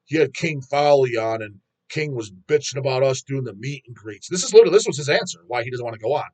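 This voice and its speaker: Metal vlogger, male, mid-pitched voice; rambling, blunt, swears constantly. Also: expressive, fast, a little mellow. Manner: profane, blunt, rambling with restarts. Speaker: metal channel host. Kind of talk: ranting vlog monologue.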